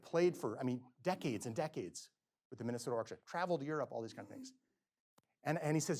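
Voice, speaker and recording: A physician delivers a grand rounds lecture in a lecture hall, weaving stories into his talk. His voice is medium-pitched and fast, and he's an animated storyteller who acts out quotes with sudden swings between loud and soft.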